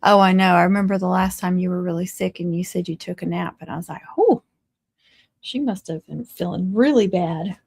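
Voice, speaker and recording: A woman's voice: lowish voice, fairly quick, gravelly, darkish tone, husky, no room sound. Chatty woman, dry close sound. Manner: chatty and teasing, laughs often. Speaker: crafting livestream host. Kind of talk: casual live-stream chat.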